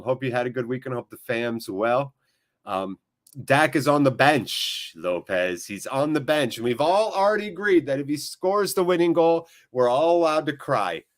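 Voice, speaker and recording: A man hosting a fan channel's live watchalong, calling the play excitedly and joking and chatting with viewers in between. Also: medium pitch. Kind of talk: live watchalong match commentary.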